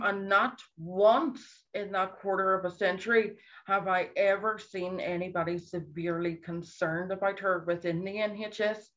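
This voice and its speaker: A woman's voice: medium pitch, fairly even intonation, normal speed, hardly any pauses, fairly bright tone, lo-fi sound. A woman in her thirties with a Scottish accent, speaking as a guest in an emotional interview, earnest and pleading, repeating herself for emphasis.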